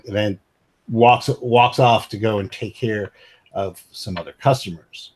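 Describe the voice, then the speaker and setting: Laid back guy gm-ing a tabletop game, slow and a bit husky, low voice. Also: darkish tone. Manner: laid-back, rambling descriptions with fillers. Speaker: game master.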